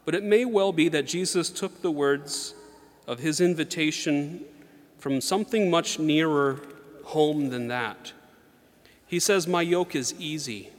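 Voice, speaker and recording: A man giving a sermon in an earnest, measured way, reading slowly and with emphasis. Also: on the high side. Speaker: preacher. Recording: long hall reverb.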